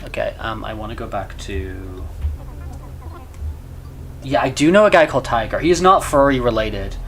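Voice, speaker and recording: A man's voice: fairly low pitch, expressive, normal speed, fairly bright tone, slight background noise. A man chatting casually to viewers on a live stream, rambling and stammering with lots of repeated words. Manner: chats with viewers between game moments.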